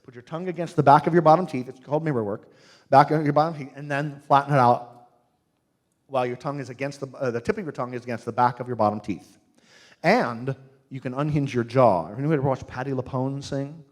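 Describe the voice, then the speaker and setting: A man teaching singing to a live audience in a humorous, animated way, demonstrating sounds with his own voice. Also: mid-range voice, fast talker. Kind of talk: live workshop talk.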